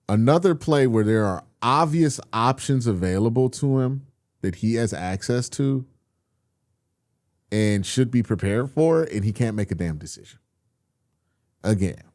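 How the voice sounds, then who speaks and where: Fairly low in pitch, this football film host comes through clean studio audio with no room sound. He reviews tape casually, speaking right to his viewers as y'all, getting worked up and exasperated and swearing a bit.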